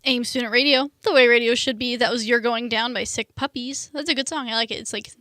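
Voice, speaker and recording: A woman's voice: a little high, fairly even intonation, fairly quick, sharp tone, no echo, clean studio sound, faint music behind. A young adult woman hosting a student radio show, talking casually with lots of fillers like "like" and "um". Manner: chatty, lots of "like" and "um".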